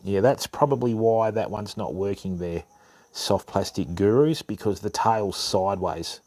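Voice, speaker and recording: A man's voice: lowish voice, measured pace, a little mellow. An Australian man hosting a fishing channel, chatting casually with viewers, calling everyone mate and bud, with lots of ums. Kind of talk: casual live stream chat with viewers.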